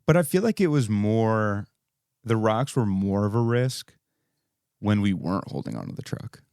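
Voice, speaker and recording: A man's voice: lowish voice, very animated, normal speed, a little mellow, clear, resonant tone, no room sound, studio quality. A man co-hosting a podcast in laid-back casual chat, calling people dude and bro. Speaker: podcast co-host.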